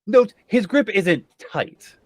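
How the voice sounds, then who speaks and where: A man narrating as game master, unhurried and with many fillers. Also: high-pitched, sing-song, no room sound.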